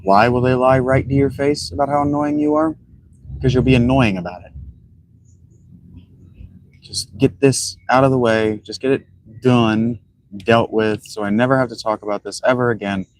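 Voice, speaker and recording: A man's voice: medium pitch, steady tone, normal speed, long pauses, a little hiss or hum, rough recording. A man giving blunt, rambling commentary while he plays a video game. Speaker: gaming streamer. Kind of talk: casual commentary while playing.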